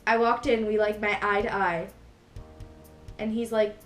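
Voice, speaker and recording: A woman's voice: mid-range voice, flat delivery, measured pace. A young woman vlogger telling a story in a casual, rambling way, full of fillers and self-corrections. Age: young adult. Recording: echoey room with faint music behind.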